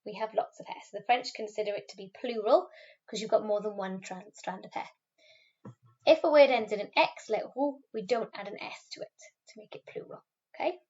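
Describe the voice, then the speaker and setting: A woman teacher giving a recorded French lesson, patiently modelling words slowly for pupils to repeat. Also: mid-range voice, darkish tone. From Wales. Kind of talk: recorded classroom video lesson. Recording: slightly dull, lo-fi recording.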